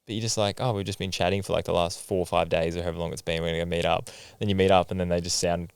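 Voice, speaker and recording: A young man hosting a casual podcast chat, relaxed and full of fillers like "like" and "man". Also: low voice, rapid-fire, vocal fry, smooth, no room sound. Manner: relaxed, filler-heavy, says "like" and "man" often. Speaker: podcast host.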